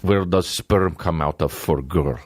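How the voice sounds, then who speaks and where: A gruff, blunt Russian man with a low, heavy voice and broken English, as a comedian puts him on. He sounds dry and close. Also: measured pace, dry recording. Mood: baffled.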